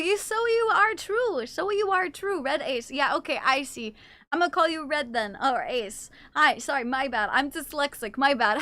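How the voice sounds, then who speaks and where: A young adult woman streaming live, chatting casually with her chat. She teases and swears and reacts quickly to what chat says. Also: high voice, pushed and bright, no echo. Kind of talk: casual livestream chat, reading and answering chat.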